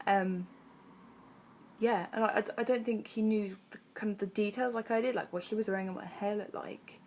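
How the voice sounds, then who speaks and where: A woman's voice: mid-range voice, fairly even intonation, a little fast, darkish tone, a little hiss or hum. A young adult woman vlogger telling a personal story in a chatty, rambling way, full of fillers. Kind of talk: casual storytelling.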